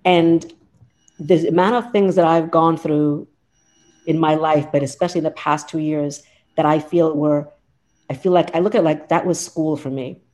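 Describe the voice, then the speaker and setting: A lawyer and law professor in her fifties speaks as a guest in a casual interview, earnest and heartfelt, often restarting her sentences. Her voice is low, steady and darkish, at normal speed.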